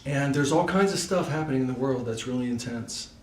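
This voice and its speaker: A man speaking at an everyday pitch, telling a casual personal story at a devotional gathering. His talk is loose and full of little fillers. He sounds set back from the mic in an echoey room, with a faint hiss underneath. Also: fairly quick, darkish tone, distant mic. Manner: loose and chatty, many fillers like "like" and "you know".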